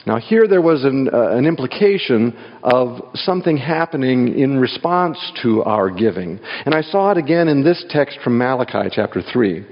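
A man's voice: mid-range voice, expressive, normal speed. Man telling stories from a church pulpit. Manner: storytelling, jokes, reads scripture aloud. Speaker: guest speaker at a church. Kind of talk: sermon with personal stories. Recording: dull sound in a hall with long reverb.

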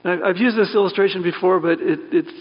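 A man's voice: high voice, fairly even intonation, fast talker, slightly rough. A man preaching a sermon in a loose, conversational way, correcting himself mid-sentence and adding asides. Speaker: pastor. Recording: dull sound with long hall reverb.

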